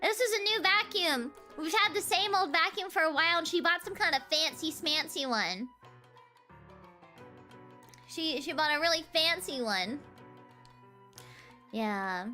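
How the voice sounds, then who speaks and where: A woman's voice: very high voice, lively intonation, unhurried, pauses often, bright, forceful tone, faint music behind. A young woman, streaming and chatting casually, giggling often between phrases. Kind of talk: casual livestream chat.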